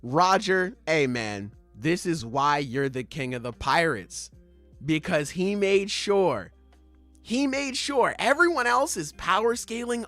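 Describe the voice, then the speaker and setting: A man's voice: sits high, lively intonation, takes it slowly, a bit bright, soft background music. A young man hosting a podcast, chatting casually and acting out scenes with swearing and laughter. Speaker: podcast host. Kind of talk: casual chat.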